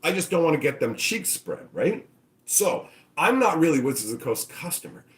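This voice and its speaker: A man with a fairly high voice, big pitch swings, and a moderate pace hosts his own channel, delivering a casual, profane opinion rant while acting out mocking voices.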